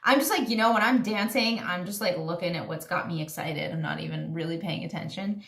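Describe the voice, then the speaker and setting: A woman's voice: fairly low pitch, a little fast, gravelly, a bit bright, recorded from a distance. Woman dance instructor, casual and chatty, counts beats aloud, recorded off-mic in a very echoey room.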